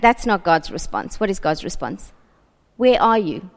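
A woman's voice: lowish voice, big pitch swings, measured pace. A woman preaching a sermon, earnest and building through repeated rhetorical questions. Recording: long reverb of a large hall.

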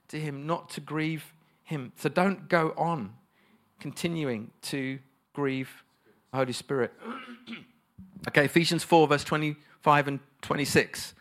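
Brief: male preacher, fairly high voice, emphatic delivery, rhetorical questions to the congregation. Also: a bit bright. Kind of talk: sermon.

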